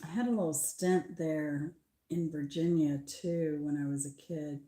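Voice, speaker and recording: An older woman with a light Southern American accent chats her way through a garden tour. She talks slowly and unhurriedly, drifting between thoughts with pauses. Her voice sits a little low for a woman. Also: dark tone. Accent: Southern American mix. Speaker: channel host. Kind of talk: casual garden tour chat.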